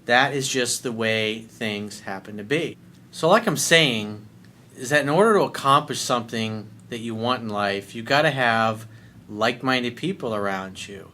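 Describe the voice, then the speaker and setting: A man's voice: medium pitch, moderate pace, sharp tone. A man delivers a video coaching monologue as a life coach, speaking bluntly and emphatically and swearing freely.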